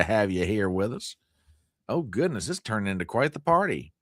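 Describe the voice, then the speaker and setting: Low-voiced man, mock outraged host. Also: sing-song, a little slow, pushed and bright, dry recording, clean studio sound. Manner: exaggerated mock outrage, talking to chat. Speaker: host of a live news-commentary stream. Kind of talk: joking livestream commentary.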